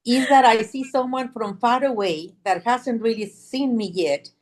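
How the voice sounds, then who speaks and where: A woman in casual chat, soft, reflective and a little hesitant. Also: a little high, moderate pace.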